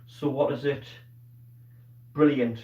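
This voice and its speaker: A man's voice: medium pitch, steady tone, takes it slowly, a little mellow. A male teacher giving a live online science lesson, asking questions and praising pupils by name. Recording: roomy, distant, dull-toned sound.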